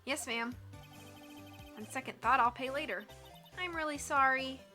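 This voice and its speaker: A woman's voice: sits high, measured pace, sharp tone, soft background music. Woman voicing a hesitant young lawyer. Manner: mild, hesitant, stammering. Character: young male defense lawyer, awkward and earnest. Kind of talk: video game voice-over reading.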